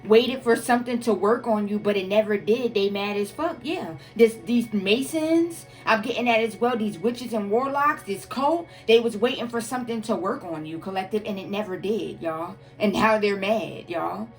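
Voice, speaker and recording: A woman's voice: mid-range voice, normal speed, hardly any pauses, faint music behind. A woman doing a casual tarot reading for her viewers, emphatic and profane, calling them "y'all" and "collective" again and again. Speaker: tarot reader.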